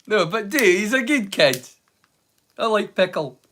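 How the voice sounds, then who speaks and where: High-voiced Scottish man bantering. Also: lively intonation, unhurried, a bit bright. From Scotland. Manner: teasing banter, swears freely. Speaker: live streamer. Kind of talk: casual chat with live viewers.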